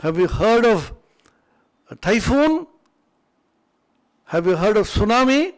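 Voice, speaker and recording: A blustering male wind god who boasts loudly and pelts his listener with questions, as a male teacher voices him in a retold myth. The voice stays fairly high for a man. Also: big pitch swings, full character voice. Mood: bragging. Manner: loud, bragging, rapid-fire questions.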